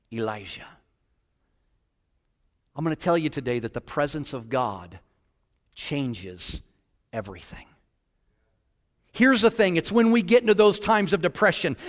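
Pastor, male, high voice, impassioned sermon, lingering hall reverb. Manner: impassioned, drops to hushed tones then builds to emphatic; addresses the congregation with questions.

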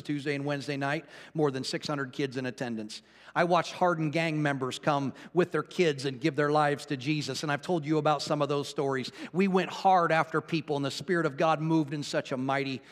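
A male pastor preaching a sermon, telling a personal story and swinging from hushed to fervent. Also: fairly high pitch, in a large hall. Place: church.

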